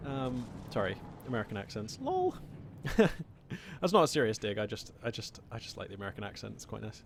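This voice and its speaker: A man casting a strategy game match with chatty, playful play-by-play and quick excited reactions. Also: lowish voice, creaky, slight background noise. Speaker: video game caster. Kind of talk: live play-by-play game commentary. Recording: loud game gunfire and vehicles behind.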